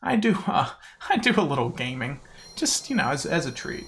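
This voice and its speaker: Self-mocking game streamer, animated and bright, casual live chat. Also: medium pitch, normal speed, slight background noise.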